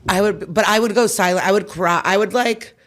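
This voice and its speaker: A woman's voice: medium pitch, a little fast, fairly bright tone. Woman comedian as a podcast guest, casual chat, frank and reflective. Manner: frank, reflective, restarts sentences.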